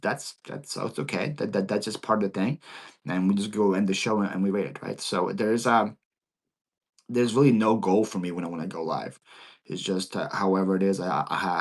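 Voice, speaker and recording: He's a Ukrainian-born host who grew up in Philadelphia and carries its accent, running a laid-back Q&A stream for sellers. The speech comes out halting, full of repeated words and fresh starts, in a voice pitched a bit low.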